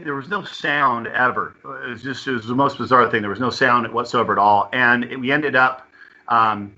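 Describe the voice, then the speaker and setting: A man telling a personal experience as an interview guest, halting and often repeating or restarting his words. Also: medium pitch, pushed and bright, dull audio.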